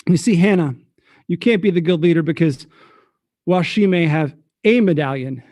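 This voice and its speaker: A man narrating as game master for a tabletop game, relaxed and a little hesitant. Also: fairly high pitch, normal speed, no echo, clean studio sound.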